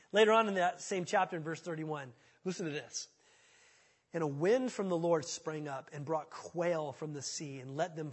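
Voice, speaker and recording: High-pitched guy preaching a sermon, lively, acts out the quotes, long echo of a big hall. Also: husky. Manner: animated, acts out quotes in mocking voices. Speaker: pastor.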